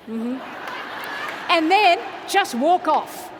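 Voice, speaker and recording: Woman, motivational speaker, high voice, big hall echo, energetic and coaxing. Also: normal speed, slight background noise. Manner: energetic, exclamatory, coaxing the audience. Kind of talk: motivational keynote speech. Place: large conference hall. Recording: reverberant hall, faint ambience.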